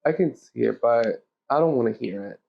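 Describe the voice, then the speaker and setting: A woman's voice: rumbling low, lively intonation, moderate pace, vocal fry. A woman co-hosting a podcast in casual chat, blunt and emphatic, swearing freely. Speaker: podcast co-host. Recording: slightly muffled lo-fi audio.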